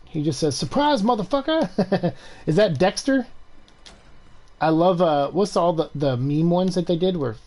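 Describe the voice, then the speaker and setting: A man's voice: fairly high pitch, normal speed, dark tone. A man giving casual, chatty let's-play commentary as he plays, swearing and laughing along. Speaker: gameplay commentator.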